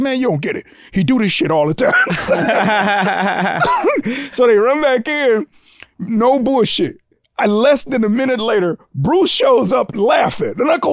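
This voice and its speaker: A man speaks briskly on a podcast, his voice captured dry and at studio quality. Telling a story casually, he performs the characters' voices with big leaps in pitch and curses without restraint.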